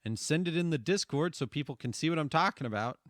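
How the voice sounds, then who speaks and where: A man streamer giving casual, profane commentary over his own stream highlights, ranting animatedly and laughing often. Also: animated, fast, a bit bright, no echo, clean studio sound.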